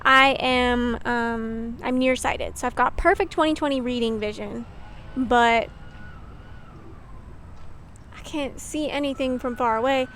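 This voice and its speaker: A young adult YouTuber gives a casual, reflective monologue to camera in a fairly bright, high voice. She talks at a measured pace and pauses often, rambling candidly with heavy use of "like" and the odd curse. There's slight background noise.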